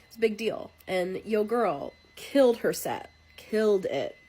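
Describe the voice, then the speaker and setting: A woman musician recounts an embarrassing moment to camera. She is animated and playful, and she pokes fun at herself. Her voice has an everyday middle pitch. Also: a little slow, slightly rough. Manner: animated, playful, self-deprecating. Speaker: singer and musician. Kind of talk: comedic storytelling to camera.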